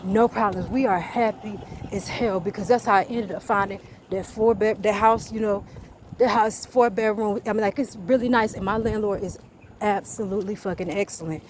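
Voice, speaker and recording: A woman's voice: mid-range voice, fairly even intonation, normal speed, darkish tone, slight background noise. A woman telling a story casually while she walks, blunt and profane, recorded on a phone outdoors. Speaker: vlogger. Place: outdoors, walking by a road and bridge.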